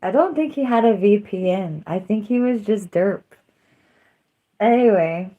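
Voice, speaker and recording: A woman's voice: medium pitch, expressive, measured pace, narrow, tinny audio. A woman hosting a livestream, chatting casually and emotionally, rambling and trailing off. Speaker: livestream host.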